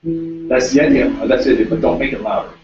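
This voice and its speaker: A man's voice: medium pitch, quick pace. A man teaching guitar one-on-one, giving direct instructions and often repeating them. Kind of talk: one-on-one music lesson. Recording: roomy, distant, dull lo-fi sound with guitar.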